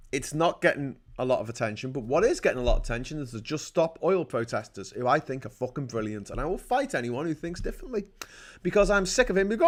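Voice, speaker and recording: A man hosting a livestream, giving profane, heated and indignant political commentary into a desk mic. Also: mid-range voice. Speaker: livestream host.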